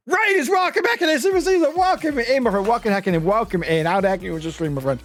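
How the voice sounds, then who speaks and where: A young British man streaming a game live, excitable and full of laughs, yelps and swearing. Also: extremely high pitch, quick pace, faint music behind.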